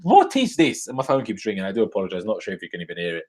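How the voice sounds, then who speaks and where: A young man live-streaming a rant after a football match, angry and swearing, jumping from loud outbursts to low muttering into a desk microphone. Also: wildly swooping pitch, rapid-fire, slightly rough. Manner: angry, swearing, swings between shouting bursts and low muttering.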